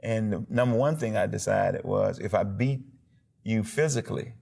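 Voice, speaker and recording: A man, a pastor telling his life story in an emphatic, animated way during a TV interview. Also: lowish voice, normal speed, vocal fry. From Alabama, USA. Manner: emphatic, animated storyteller who acts out quotes and sound effects. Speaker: pastor and former football player.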